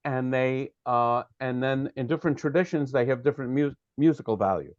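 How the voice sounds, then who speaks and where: A man's voice: mid-range voice, brisk, no room sound, lo-fi sound. A man teaching a prayer study class over a video call, patiently explaining Hebrew text and checking that his students follow.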